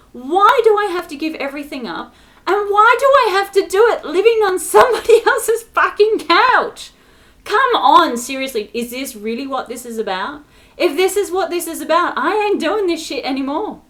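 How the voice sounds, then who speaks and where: A woman's voice: high voice, a bit bright. A woman in an angry, exasperated rant to camera, swearing often and stressing her words. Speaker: spiritual vlogger.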